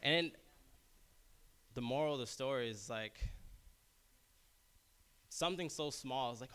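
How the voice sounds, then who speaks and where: A man's voice: a little slow, pauses often, slight background noise. A young man casually telling a personal story, acting out other people's lines in raised voices and laughing often. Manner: animated, acts out quotes in high voices, laughs often.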